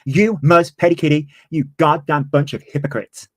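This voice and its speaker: A man's voice: on the high side, fairly even intonation, moderate pace, no room sound. A man in his twenties, ranting heatedly on a livestream and swearing freely. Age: 20s. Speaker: streamer. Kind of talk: livestream commentary.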